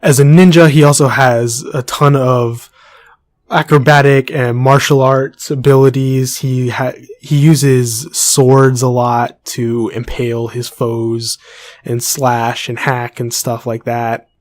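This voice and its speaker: A man's voice: mid-range voice, level tone, slow, dry recording, studio quality. A young man co-hosting a casual podcast, teasing his co-host and steering the segments. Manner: playful, teasing, runs the segment.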